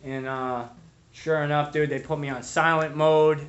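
Boston guy telling his recovery story, swears a lot, says dude constantly, kinda high voice, muffled lo-fi audio. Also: level tone, unhurried, slight background noise. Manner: rambling, profane, fillers of "dude" and "like". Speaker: speaker sharing recovery story. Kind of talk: storytelling to a live audience.

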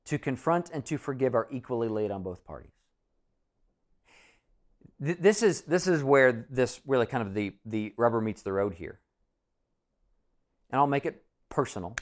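A man's voice: medium pitch, expressive, moderate pace, long pauses. A man preaching a sermon in a conversational, self-deprecating way, reading scripture and acting out imagined conversations. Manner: conversational, self-deprecating, acts out quoted voices. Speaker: pastor.

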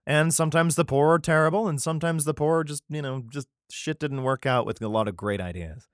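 A man's voice: fairly high pitch, a little fast, clear, resonant tone, no room sound, clean studio sound. A man casually reading scripture aloud and riffing on it, rambling, laughing often and swearing freely. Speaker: reader commenting on scripture.

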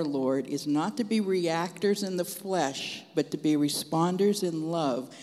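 Animated man preaching in a reverberant hall. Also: on the high side. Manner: animated storytelling, frank and folksy. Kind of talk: testimony preaching.

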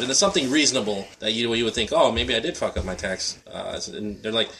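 A man's voice: mid-range voice, racing, hardly any pauses, background noise. A man hosting a podcast, telling a story in casual chat with a wry, exasperated tone. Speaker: podcast host.

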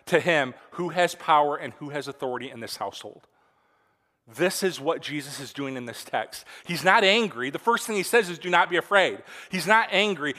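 A man's voice: on the high side, sharp tone. A young man preaching a sermon in an earnest, conversational way, checking in with the congregation with asides. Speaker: pastor. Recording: reverberant hall.

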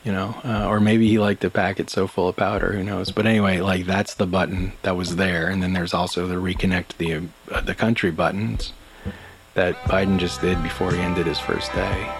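A man hosting his own podcast, talking in a calm, rambling monologue full of fillers and small laughs at himself. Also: sits low, normal speed. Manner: calm, rambling, self-amused, with many fillers. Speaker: podcast host. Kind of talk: casual solo monologue. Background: background music.

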